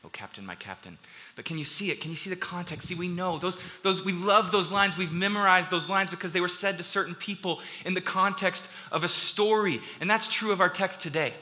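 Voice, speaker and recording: A man's voice: high-pitched, steady tone, fairly quick, few pauses, pushed and bright. A man preaching a sermon to his congregation, earnest and building to emphatic passages, with conversational asides to the room. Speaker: pastor. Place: church hall with a congregation.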